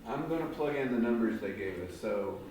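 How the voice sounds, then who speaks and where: A man's voice: lowish voice, expressive, brisk, a little mellow, a little hiss or hum. A man tutoring a group of students through algebra word problems, guiding them with patient questions. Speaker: math tutor. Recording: very echoey room, mic far off.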